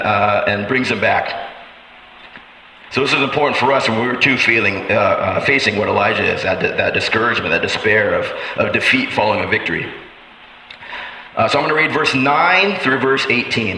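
A man's voice: sharp tone, a little hiss or hum. A man preaching a sermon, speaking with passion and voicing God's questions to his listeners. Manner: impassioned, voicing God's questions with rising pitch. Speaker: pastor. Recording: echoey hall with faint ambience.

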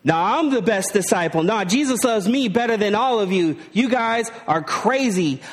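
A preacher acting out impulsive Peter. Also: male voice, high-pitched, lively intonation, moderate pace, big-room sound. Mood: boastful. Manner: pleading, then boastful, with a casual modern slang delivery. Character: apostle Peter, adult man, impulsive and eager.

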